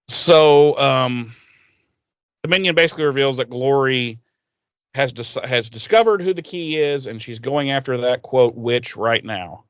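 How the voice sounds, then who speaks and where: A man telling a TV episode back to his co-host, swearing freely and jumping into quick impressions of the characters. His voice is smooth and resonant, and it sounds close and dry, with no room around it. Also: medium pitch, no echo. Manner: animated, swears a lot, acts out characters' lines. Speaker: podcast co-host recapping an episode. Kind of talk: casual profane episode recap with quoted voices.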